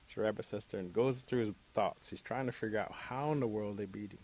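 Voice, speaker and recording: A man telling a traditional story as a guest, in a relaxed, animated way. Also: on the low side, a little fast.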